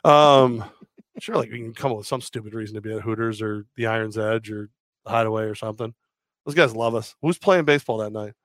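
A man's voice: lowish voice, brisk, fairly bright tone, no echo. A man co-hosting a casual sports podcast, joking crudely and rambling through stories. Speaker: podcast co-host.

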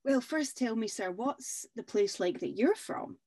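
A woman voicing a calm, wise older woman who answers travellers in a dry, understated way. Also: on the high side, a little slow, pitched above the performer's own voice.

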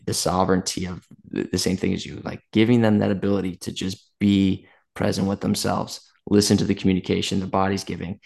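A man's voice: fairly low pitch, vocal fry, darkish tone. A man hosting a podcast, talking in a loose, rambling casual way and swearing freely. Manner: rambling, casual, swears, says "dude" a lot. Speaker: podcast host.

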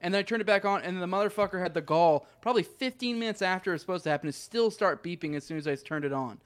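Fast-talking, higher-voiced podcast man. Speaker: podcast co-host. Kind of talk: casual chat.

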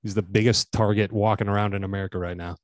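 A man's voice: on the low side, fast, dry recording, dull audio. A man co-hosting a podcast, telling a comic story with lots of swearing and acted-out quotes. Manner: animated storyteller, swears freely, acts out quotes. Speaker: podcast co-host. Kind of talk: casual comedic chat.

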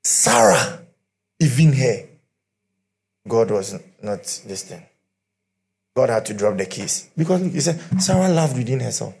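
A middle-aged man preaches a sermon, telling his stories with humour. His voice has a gravelly, fry-edged grain in a middle pitch. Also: animated, a little slow, pauses often, darkish tone. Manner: humorous storytelling.

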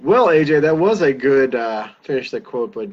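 A man's voice: medium pitch, expressive, moderate pace. A man hosting a podcast in casual chat, swearing and teasing his friends. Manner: profane, teasing. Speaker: podcast host. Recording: dull lo-fi sound.

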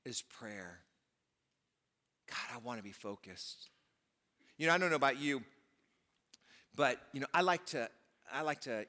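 A male pastor with a medium-pitched, sharp-toned voice preaches a sermon conversationally, often saying "you know." The long reverb of the large church auditorium carries his words.

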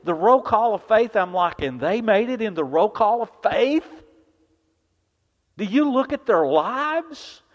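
A man preaching a sermon as pastor, impassioned, swinging from loud declarations to hushed, intimate lines. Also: sits high. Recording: dull, reverberant hall sound.

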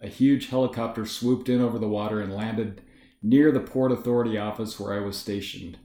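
A man with a fairly low voice narrates a first-person story in a measured, matter-of-fact way. His voice rings in a roomy, echoey space. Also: fairly even intonation, warm tone. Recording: roomy echo.

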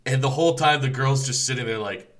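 A man's voice: mid-range voice, a little fast. A man co-hosting a casual podcast chat, recapping scenes with frequent laughter. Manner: laughs often, animated recapping. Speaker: podcast co-host. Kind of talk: casual chat about a manga.

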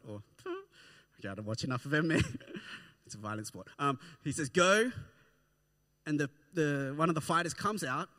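A man preaching a sermon to a congregation in an animated way, often checking in with "right?". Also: medium pitch. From Australia. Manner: animated, keeps asking "right?". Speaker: pastor.

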